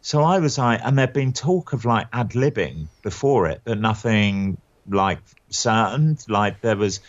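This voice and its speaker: A man's voice: lowish voice, lively intonation, unhurried, no room sound, highs cut off. A male actor guest chatting casually, rambling and self-deprecating with plenty of fillers and laughs. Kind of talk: casual anecdotal chat.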